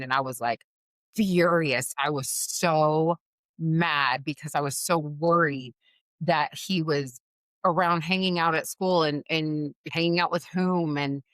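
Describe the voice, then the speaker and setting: A woman hosting a podcast, telling a candid story about raising her son in an earnest, animated way, full of likes and you-knows. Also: low voice, no room sound, clean studio sound. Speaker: podcast host.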